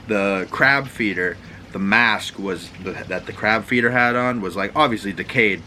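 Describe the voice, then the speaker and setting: A man with a Boston accent rambles through a casual, profane recap like a podcast host. His voice sits on the low side but has a bright, forceful edge. A faint background hiss runs under him. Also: low-quality recording. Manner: loose, profane, rambling storyteller. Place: home room with water running next door.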